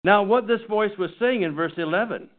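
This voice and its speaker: A man teaching a Bible study class in an earnest, halting way, often restarting his sentences. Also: sits high. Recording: tinny phone-like recording.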